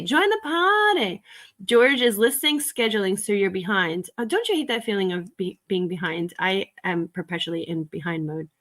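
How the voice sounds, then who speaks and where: A woman's voice: mid-range voice, fairly bright tone. A woman hosting a casual live stream while she works through resale stock, chatting and giggling with her viewers. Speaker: resale livestream host.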